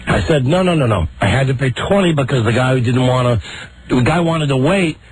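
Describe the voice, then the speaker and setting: A man's voice: medium pitch, animated, fairly quick, slight background noise, low-quality recording. A man hosting a talk radio show, telling an exasperated story and acting out the people in it.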